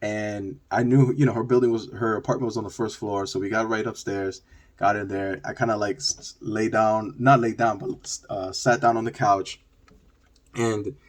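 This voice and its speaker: Ny guy vlogging a story, husky voice, says like a lot, animated. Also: on the low side. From New York. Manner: animated, many "like" fillers. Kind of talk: storytelling vlog.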